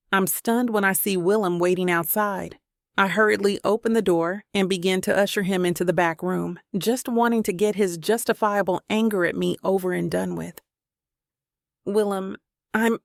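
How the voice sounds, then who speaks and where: A woman's voice: medium pitch, vocal fry, dry recording. A woman reading a first-person romance audiobook in an earnest, emotional way, close to the microphone. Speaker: audiobook narrator.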